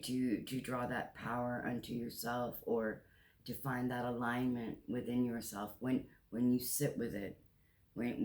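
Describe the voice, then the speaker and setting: A man's voice: medium pitch, a little mellow. Earnest man in his sixties reading cards. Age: 60s. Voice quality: repeats phrases, restarts often. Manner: emotional, tearful at times, earnest and encouraging. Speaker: tarot reader. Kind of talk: spiritual card reading monologue.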